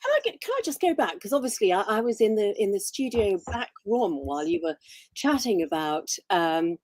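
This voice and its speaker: A woman's voice: medium pitch, sing-song, moderate pace, darkish tone, dry recording. Wry chatty English woman. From England. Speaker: guest. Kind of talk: casual chat.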